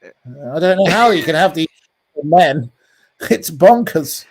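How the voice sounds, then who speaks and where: Slow and expressive, a journalist from England speaks in a voice on the high side with a British accent. As an interview guest on a call, he is scathing and blunt, often hesitating with ums and restarting.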